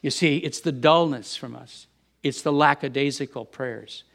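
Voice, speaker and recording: A middle-aged man preaching a sermon, who repeats and restarts his words and rises now and then into loud bursts. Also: mid-range voice, moderate pace, vocal fry. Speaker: pastor.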